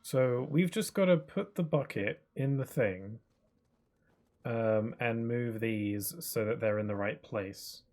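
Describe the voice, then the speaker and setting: A man's voice: mid-range voice, slow pace, darkish tone. A young man in his twenties chatting casually while streaming a game, rambling with lots of fillers and restarts. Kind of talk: casual live-stream gaming chat.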